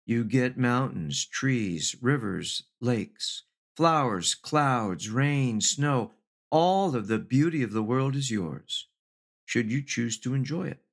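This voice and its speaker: Earnest middle-aged man giving an inspirational speech. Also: lively intonation. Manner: measured, slow lists with lifts in pitch for emphasis; earnest, with wry asides. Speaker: motivational speaker.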